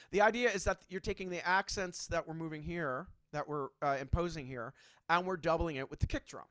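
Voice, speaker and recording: A man's voice: fairly high pitch, moderate pace, fairly bright tone, no echo. A man teaching a drum clinic in a casual, chatty way, checking in often with his students. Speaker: drum instructor.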